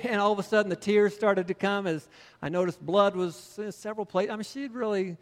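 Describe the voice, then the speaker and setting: High-voiced male preacher in a hall. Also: fairly quick. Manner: storytelling, building to emphatic preaching. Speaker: pastor. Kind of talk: sermon with personal story.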